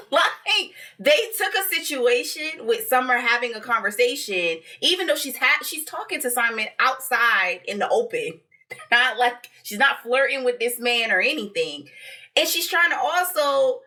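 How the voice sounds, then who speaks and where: A woman's voice: on the high side, animated, unhurried, pushed and bright. A woman co-hosting a podcast, recapping a reality show in casual chat, blunt and profane, laughing often. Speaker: podcast co-host.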